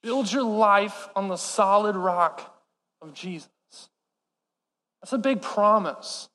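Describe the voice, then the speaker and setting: A man preaching a sermon to a live congregation, impassioned and swinging between urgent and soft. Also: sits high, slow. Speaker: pastor. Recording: long hall reverb.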